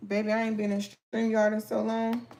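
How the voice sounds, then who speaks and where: With a highish voice and a fairly quick delivery, this woman runs a casual live sewing session. She talks to viewers as she cuts vinyl, going over features with lots of excited exclamations.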